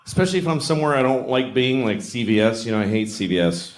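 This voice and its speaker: A man's voice: medium pitch, animated, fast talker. A man in his forties from Boston doing stand-up comedy in a rambling, conversational, self-mocking way on stage. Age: 40s. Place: stage of a large comedy venue. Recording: echoey live venue.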